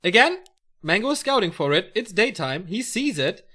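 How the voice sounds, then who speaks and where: A man's voice: sits high, very animated, moderate pace, bright, forceful tone. A man casting a strategy game match alone, calling the play and joking between calls. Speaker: esports caster. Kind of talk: solo play-by-play game commentary.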